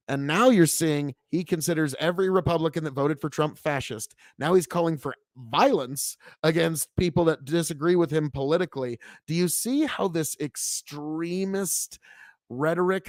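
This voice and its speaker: A man's voice: on the high side, normal speed, no room sound, clean studio sound. A man hosting a casual political commentary stream, sarcastic and swearing, laughing at himself now and then. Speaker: streamer host.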